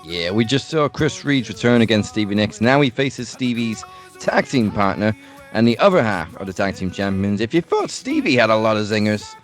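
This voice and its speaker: A man reading match announcements for a wrestling podcast. His voice is low and his delivery is steady. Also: moderate pace, soft background music. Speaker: podcast co-host.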